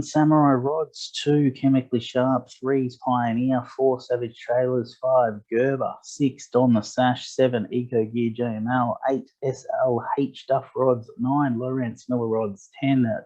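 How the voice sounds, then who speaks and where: A man's voice: medium pitch, dark tone. A man running a tournament briefing, reading rules and team lists matter-of-factly with fillers. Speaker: tournament director. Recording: dull lo-fi audio.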